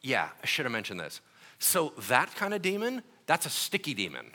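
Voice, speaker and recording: A man voicing a casual, relaxed version of Jesus as he retells a story, offhand and chummy. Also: mid-range voice, moderate pace, full character voice. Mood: sheepish. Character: casual laid-back Jesus, calm grown man.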